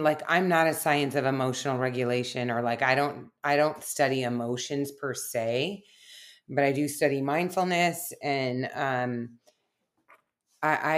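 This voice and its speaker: A middle-aged woman, a research scientist guest, talking reflectively on a podcast, telling personal stories with many fillers. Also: extremely low pitch. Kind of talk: casual podcast conversation.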